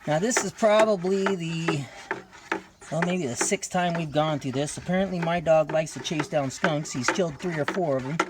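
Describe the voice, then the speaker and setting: A man's voice: fairly high pitch, normal speed, very noisy. A man casually explaining how to wash his dog, joking and rambling to viewers, recorded on a phone outdoors at night over running water. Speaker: dog owner demonstrating. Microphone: phone camera held by another person.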